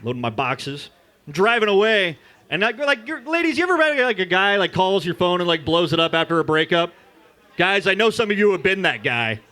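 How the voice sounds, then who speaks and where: A man doing a crude, loud stand-up comedy set at an open mic in a bar. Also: sits high, sing-song, a little fast. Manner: crude, loud, jokey storytelling. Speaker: stand-up comic.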